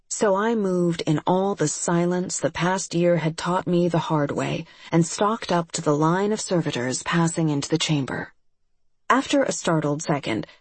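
Husky, measured audiobook narrator. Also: mid-range voice, darkish tone, dry recording. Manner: measured storytelling. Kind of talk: scripted first-person narration.

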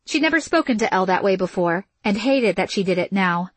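A woman narrating a novel in a measured, even storytelling manner. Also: medium pitch, no room sound. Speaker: audiobook narrator. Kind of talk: scripted fiction narration.

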